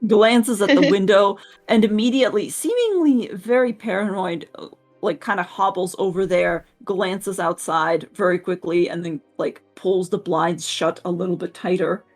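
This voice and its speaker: A woman's voice: mid-range voice, moderate pace, soft background music. A woman narrating as game master in a tabletop game, with a hesitant manner and many fillers.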